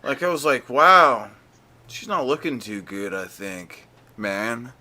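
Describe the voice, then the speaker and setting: Bright joking male co-host. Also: on the low side, expressive, measured pace. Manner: joking, profane. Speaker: podcast co-host. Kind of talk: casual chat.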